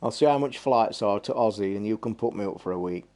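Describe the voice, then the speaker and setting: A man's voice: fairly low pitch, fast, warm tone. A man hosting a gaming live stream, chatting in a rambling, blunt and sweary way. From England. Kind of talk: casual live-stream chat.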